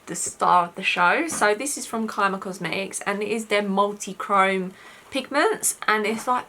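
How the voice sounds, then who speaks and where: Young british girl doing a makeup tutorial, bright voice, chatty and rambly, a bit of hiss. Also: medium pitch. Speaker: beauty vlogger.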